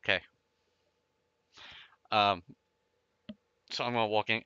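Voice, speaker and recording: A man playing a tabletop game casually, halting and full of restarts, on a dull lo-fi mic. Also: medium pitch, lively intonation, pushed and bright, no room sound. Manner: halting, lots of restarts, playful. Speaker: player. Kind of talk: casual tabletop play over voice chat.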